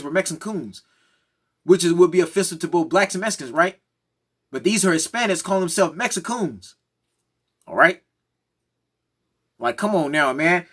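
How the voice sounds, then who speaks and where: Brief: man, high-pitched, fired-up monologue, keeps asking "right?". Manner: heated, repeats "right?" and "come on now, man". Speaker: commentary vlogger. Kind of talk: opinionated monologue.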